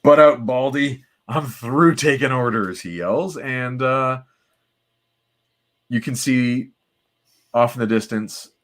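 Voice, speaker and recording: A man co-hosts a comic book podcast, reading comics aloud in casual chat as he recaps the plot and briefly slips into playful character voices. His voice is lowish with a fairly bright tone.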